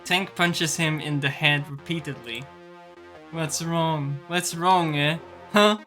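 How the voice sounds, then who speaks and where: A streamer doing a loud, frantic, foul-mouthed brawler. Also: medium pitch, slow pace, soft background music. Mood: taunting. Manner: loud, profane, frantic outbursts. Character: anxious, volatile brawler man, swings to rage. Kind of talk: reading game dialogue aloud.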